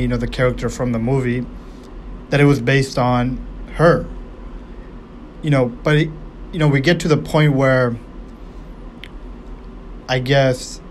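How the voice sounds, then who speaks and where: A man's voice: mid-range voice, slight background noise. Rambling, swearing man breaking down a movie. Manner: rambling, profane, with many fillers and restarts. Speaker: movie reviewer.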